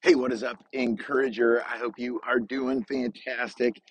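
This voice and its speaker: A man's voice: medium pitch, level tone, moderate pace, slight background noise, low-quality recording. A middle-aged man hosting a podcast while out on a snowy walk, upbeat and chatty with plenty of filler words, coming down with a cold. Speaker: podcast host and coach. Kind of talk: casual solo podcast monologue.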